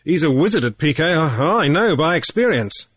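A man's voice: on the high side, very animated, normal speed, fairly bright tone, husky, no room sound, studio quality, voice pushed up, full character voice. A man reading the part of a confident onlooker who speaks in an assured way.

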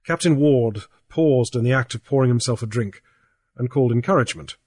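A man reading a novel aloud in measured, even scripted narration. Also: mid-range voice, slightly rough, dry recording, studio quality. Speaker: audiobook narrator.

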